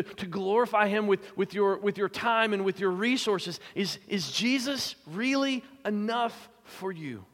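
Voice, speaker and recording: A man's voice: fairly high pitch, a bit bright. A male pastor preaching a sermon in an earnest, emphatic way, sometimes repeating words as he builds a point. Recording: long reverb of a large hall.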